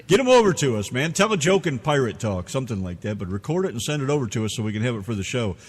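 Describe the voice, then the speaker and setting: A man's voice: medium pitch, big pitch swings, very fast, husky, big-room sound. A man hosting an internet radio show in loose, rambling, profane banter.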